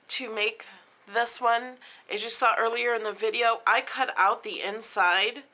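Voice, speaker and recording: A woman's voice: a little high, sharp tone. A woman craft vlogger casually showing off her handmade gift boxes in a chatty, homey way. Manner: chatty, plain and homey, pointing things out. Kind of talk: casual craft show-and-tell.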